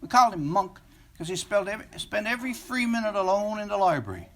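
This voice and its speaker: A man, an author, reading aloud from his own novel in a library, with expressive, wistful storytelling. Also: high voice, quick pace, a little hiss or hum.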